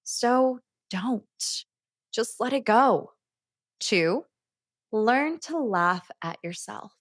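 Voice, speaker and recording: A woman hosting her own self-help podcast, telling a personal story in an animated way and laughing at herself as she goes. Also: fairly high pitch, extremely slow, dry recording, clean studio sound. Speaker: podcast host.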